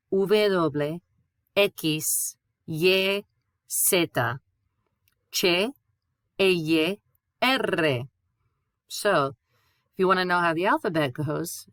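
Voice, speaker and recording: A woman with a lowish voice teaches a Spanish lesson. She spells out letters and repeats sounds patiently and clearly. The recording is dry and close. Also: no room sound. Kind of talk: classroom lesson.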